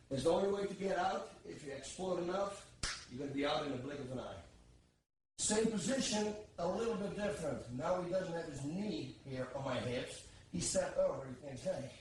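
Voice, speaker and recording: A man's voice: on the high side, a little hiss or hum. A man instructing martial arts escapes while demonstrating on a partner, counting the moves aloud as he goes. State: strained under pressure at times. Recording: echoey room, distant mic, faint background.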